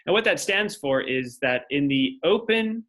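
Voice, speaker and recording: This male teacher's voice sits fairly high and sounds animated and a bit bright, with a slightly slow pace. He walks through a classroom lecture step by step, explaining things and thinking out loud as he writes on the board.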